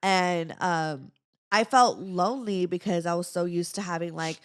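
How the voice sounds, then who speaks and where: A young woman co-hosts a laid-back podcast. She talks in easy, rambling chat, leans on "like" and slips in quick laughs. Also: fairly low pitch, clean tone. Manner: chatty, lots of "like" and laughing asides. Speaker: podcast co-host. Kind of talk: casual chat, reading a listener letter aloud.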